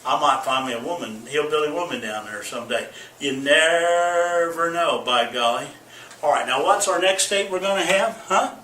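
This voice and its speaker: A man's voice: mid-range voice, fairly quick, pushed and bright, a little hiss or hum. A man giving a folksy, comic explainer, often whooping and making goofy sound effects, and checking in with okay after each point. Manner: hollers yeehaw and makes goofy sound effects; repeats okay often, teacher-like. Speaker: comedic vlogger. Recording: echoey room, voice far from mic.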